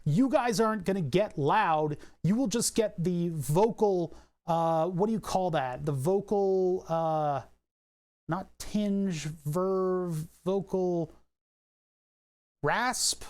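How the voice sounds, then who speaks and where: A man's voice: high voice, slow pace, darkish tone. A young man streaming from home, chatting casually while he tinkers, rambling and correcting himself, laughing at his own asides, on a condenser mic run through a compressor. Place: home room with acoustic padding.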